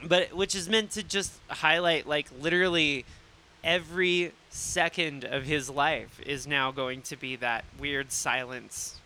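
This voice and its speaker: A man's voice: a little high, steady tone, unhurried, bright, forceful tone, a little hiss or hum. A man co-hosting a film podcast, talking in a rambling, casual way and swearing freely. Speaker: podcast co-host. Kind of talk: casual chat.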